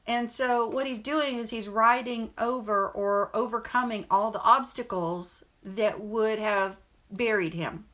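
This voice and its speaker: Middle-aged woman vlogger, bright and clear tone, rambling earnest chat to camera. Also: a little high. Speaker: vlogger and mother. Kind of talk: casual storytelling to camera.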